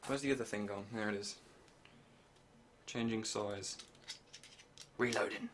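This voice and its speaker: A man's voice: lowish voice, measured pace, fairly bright tone, slight background noise. Young man joking crudely on stream. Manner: crude joking, self-deprecating, muttering while working. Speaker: live streamer. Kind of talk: casual live-stream chat while building.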